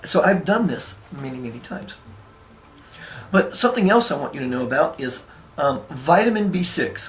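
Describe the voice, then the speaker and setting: A man talking casually to camera, telling an anecdote in a relaxed way with fillers and restarts, and acting out the voices in his story. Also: mid-range voice, a little hiss or hum. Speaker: spiritual teacher.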